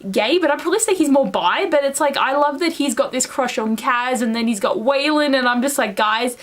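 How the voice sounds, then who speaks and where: Excitable young woman gushing about books. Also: high-pitched, brisk. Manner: gushing, excitable, rambling with many fillers. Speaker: book reviewer. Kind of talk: casual chat.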